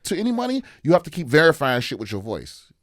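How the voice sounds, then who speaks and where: A man's voice: a little high, huge pitch swings, fast talker, fairly bright tone, no echo, clean studio sound. A man hosting a podcast in casual chat, ranting animatedly with plenty of swearing. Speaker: podcast host.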